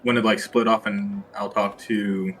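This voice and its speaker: A low-pitched man talking as a player in a tabletop game. He speaks casually and haltingly, leaning on fillers. Faint noise hums behind him. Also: flat delivery, fairly bright tone, poor audio.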